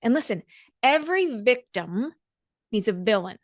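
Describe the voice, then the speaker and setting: A woman with a somewhat high voice talks through a solo podcast as a dance coach, earnest and motivating. She leans on emphatic repetition, and the sound is close and dry with no room around it. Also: sing-song, normal speed, dry recording.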